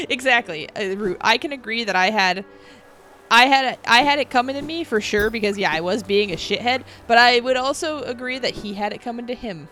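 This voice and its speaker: Faint music plays behind a game streamer in her thirties whose voice is fairly high and fairly bright at a moderate pace. She chats and laughs often on her live stream, sharing stories and reading viewer comments aloud to answer them.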